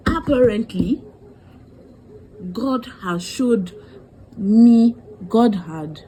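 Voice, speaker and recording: Young woman, mellow tone, chatty storytelling vlogger; faint noise floor. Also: mid-range voice, moderate pace, rough recording. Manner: animated, dramatic quoting of others. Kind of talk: storytime vlog.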